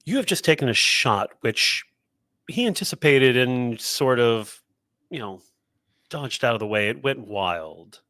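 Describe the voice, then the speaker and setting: A man serves as game master for a tabletop role-playing game and narrates the action. His voice sits in a middle pitch, and his delivery is casual and hesitant, full of small restarts. The recording is dry and close, with no room sound. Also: unhurried, no echo. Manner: relaxed, hesitant, thinks aloud.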